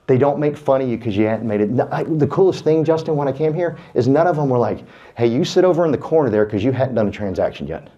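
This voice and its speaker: A man's voice: medium pitch, warm tone, highs cut off. A man giving a folksy, fired-up motivational speech to a room of real estate agents, urging them on like a preacher. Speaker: real estate team speaker. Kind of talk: motivational speech to a live audience.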